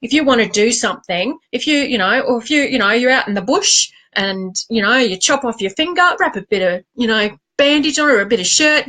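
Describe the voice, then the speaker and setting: A woman's voice: fairly high pitch, a little fast, few pauses, poor audio. An Australian woman in her late forties, a life coach talking candidly and animatedly to camera in a vlog, mocking herself as she goes. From Queensland, Australia. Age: 40s. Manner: animated, confiding, self-mocking.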